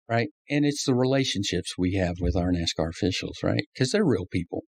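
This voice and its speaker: Speaking briskly and barely pausing, a man with a fairly low, husky voice recounts his days as a race crew chief in an interview. He brings the stories to life by acting out quotes, laughing often along the way.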